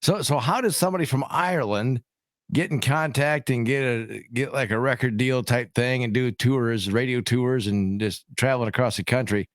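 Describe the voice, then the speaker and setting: A man's voice: medium pitch, normal speed, no echo, clean studio sound. A man hosting a radio show, asking a guest questions in a friendly, easygoing way. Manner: friendly, laughs easily. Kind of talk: casual radio interview.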